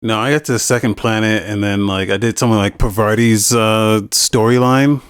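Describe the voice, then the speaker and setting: A man's voice: on the low side, steady tone, fairly quick, smooth, no echo. A man on a podcast chatting in a laid-back, rambling way about video games, swearing casually.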